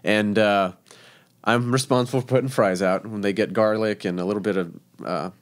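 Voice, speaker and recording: Chef guy from texas, chatty, lots of so and uh, laughs a lot, lowish voice. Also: fairly even intonation, normal speed. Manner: chatty, laughing, many fillers. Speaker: professional chef. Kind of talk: casual storytelling interview.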